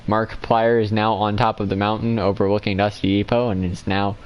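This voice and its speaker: A man's voice: on the low side, level tone, fairly quick, poor audio. A man in casual chat with a friend while playing a game, rambling and correcting himself as he talks. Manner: rambling, self-correcting, laughs often. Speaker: gamer chatting with a friend.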